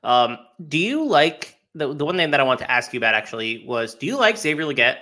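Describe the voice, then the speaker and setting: A man's voice: mid-range voice, very animated, a little fast, pushed and bright. A man co-hosting a sports podcast in casual chat, with a wry, offhand way of talking. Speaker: podcast co-host.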